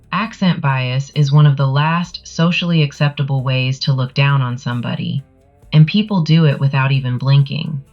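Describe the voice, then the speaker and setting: A woman's voice: rumbling low, darkish tone, muffled recording. A woman with a Southern US accent giving a sassy, emphatic commentary monologue to camera. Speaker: channel creator.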